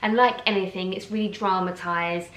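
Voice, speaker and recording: A woman's voice: fairly low pitch, fairly even intonation, normal speed, fairly bright tone. Chatty Essex woman ranting to camera. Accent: Essex English. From Essex, England. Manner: chatty, indignant, lots of fillers. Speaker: blogger. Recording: roomy echo.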